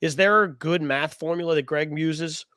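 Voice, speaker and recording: A man hosting a podcast, asking energetic, rambling questions in a casual interview. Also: a little high, moderate pace, dry recording. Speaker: podcast host.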